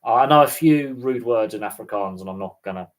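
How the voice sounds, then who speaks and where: A man's voice: lowish voice, fairly quick. A man hosting a casual livestream chat, rambling with many restarts. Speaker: host.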